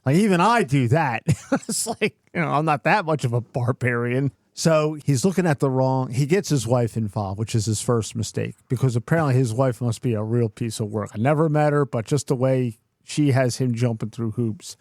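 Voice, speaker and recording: A man's voice: mid-range voice, fairly quick, hardly any pauses, darkish tone, dry recording, clean studio sound. A middle-aged man co-hosting a podcast, telling a workplace story in a cursing, ranting way. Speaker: podcast co-host. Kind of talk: casual chat.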